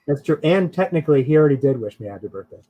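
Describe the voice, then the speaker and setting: A man's voice: on the high side, expressive, very fast, warm tone, low-quality recording. A man co-hosting a casual chat show who laughs often and hedges his opinions as he rambles along. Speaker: podcast co-host.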